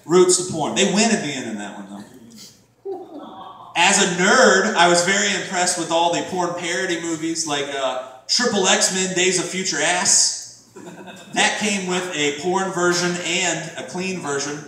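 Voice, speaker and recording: A middle-aged man performing a crude stand-up comedy set, jumping into shouted high-pitched impressions. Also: unhurried, far from the mic. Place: comedy club stage. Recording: very echoey room from afar, faint noise.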